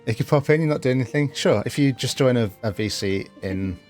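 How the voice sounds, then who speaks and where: A man's voice: medium pitch, fairly quick, a little mellow, faint music behind. A man streaming a game, chatting casually, reading chat aloud, laughing and swearing freely.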